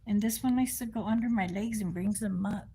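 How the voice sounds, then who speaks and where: A woman's voice: medium pitch, fairly quick, dark tone, a little hiss or hum. An older woman telling family stories on a livestream, laughing often and putting on the voices of her relatives. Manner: firm commands to a dog. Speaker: livestream host. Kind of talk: casual storytelling on a livestream.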